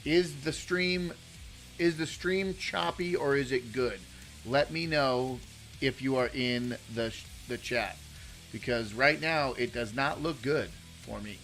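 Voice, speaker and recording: A man's voice: medium pitch, slow, fairly bright tone, faint music behind. Chatty man hosting a live stream. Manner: rambling, lots of fillers and restarts, chatty with viewers. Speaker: political livestream host. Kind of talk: casual live-stream commentary.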